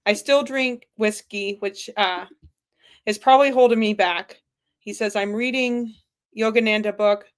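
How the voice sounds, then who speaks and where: Slow-speaking woman reading comments aloud. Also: mid-range voice, steady tone, smooth. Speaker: co-host reading viewer comments. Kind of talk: live-stream Q&A.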